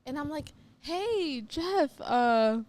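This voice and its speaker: Young woman telling a story, slightly high. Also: slow. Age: young adult. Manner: animated, acts out what she said and heard, many "like" fillers. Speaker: youth podcast co-host. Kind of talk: casual storytelling chat.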